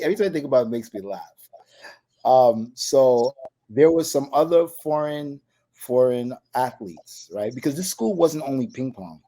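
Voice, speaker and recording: Mellow-voiced man telling stories. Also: mid-range voice. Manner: rambling, many restarts and fillers. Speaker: guest, table tennis player. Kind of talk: casual storytelling interview.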